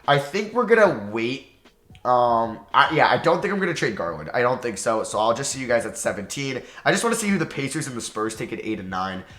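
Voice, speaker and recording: A man's voice: mid-range voice, a little fast. A man with a New York accent giving casual, chatty gameplay commentary, thinking aloud and poking fun at himself. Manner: chatty, excitable, self-deprecating, thinks aloud. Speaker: gaming YouTuber. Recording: roomy echo.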